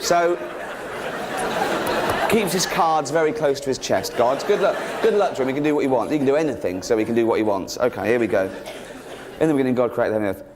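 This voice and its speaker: A man doing a stand-up routine, sardonic and mocking, often jumping up into a high, exasperated pitch. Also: expressive, fairly quick, a crowd in the background, noisy background. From England. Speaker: stand-up comedian. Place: theatre stage with live audience.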